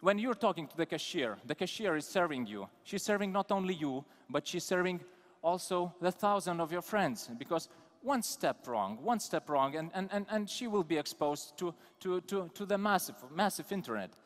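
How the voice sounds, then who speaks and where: A man's voice: sits high, moderate pace, hardly any pauses. Teasing Eastern European man in a reverberant hall. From Lithuania. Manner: teasing, provocative, calls out audience members. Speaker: conference speaker. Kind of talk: live conference talk. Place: large conference hall.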